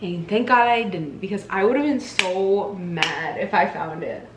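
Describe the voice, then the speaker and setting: A woman's voice: mid-range voice, measured pace. A young woman vlogger chatting with her partner in a casual Q&A, bubbly and chatty, laughing often. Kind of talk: casual couple Q&A chat. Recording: echoey room with faint noise.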